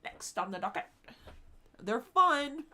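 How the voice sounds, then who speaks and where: A woman's voice: high voice, sing-song, slow pace, sharp tone. Woman streamer just chatting with chat, cusses a bunch, laughs a lot. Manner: chatty, swears freely, bursts into laughter. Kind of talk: casual live-stream chat.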